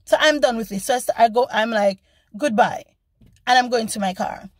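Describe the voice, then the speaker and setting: A woman vlogger telling a story in a casual, animated and indignant way, acting out the people she quotes. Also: on the high side, a little fast, no echo.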